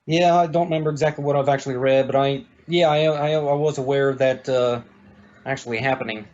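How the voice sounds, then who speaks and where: A man's voice: mid-range voice, fairly even intonation, brisk, a little mellow. A man co-hosting a talk radio show, giving short laughing replies over a dull, lo-fi line. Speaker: radio co-host. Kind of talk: casual talk radio chat.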